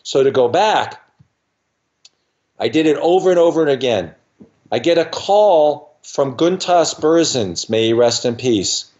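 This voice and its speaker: Animated older male dentist telling stories. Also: fairly high pitch, dull audio. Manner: acts out other people's voices in quick asides. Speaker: dentist, podcast guest. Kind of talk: animated anecdotal storytelling.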